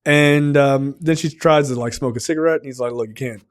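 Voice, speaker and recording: Male film-podcast co-host, slightly high voice, casual and profane. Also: steady tone, fairly quick, smooth. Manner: profane, retells scenes with lots of fillers. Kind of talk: casual chat.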